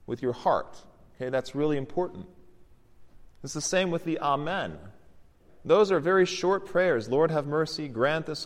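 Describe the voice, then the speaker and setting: Orthodox priest teaching in a reverberant church. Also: male voice, fairly high pitch. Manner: explanatory, gently encouraging. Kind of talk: teaching sermon during liturgy.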